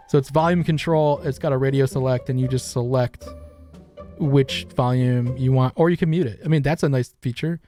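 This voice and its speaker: A man's voice: mid-range voice, steady tone, normal speed, dark tone, faint music behind. A middle-aged man hosting a casual meme review, rambling and wisecracking with crude asides. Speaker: host.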